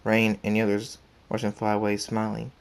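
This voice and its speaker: A man narrating his own fan fiction in a low voice. The delivery is flat and plain, with small restarts. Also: brisk, gravelly, clean tone. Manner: plain, even reading with restarts. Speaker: storyteller.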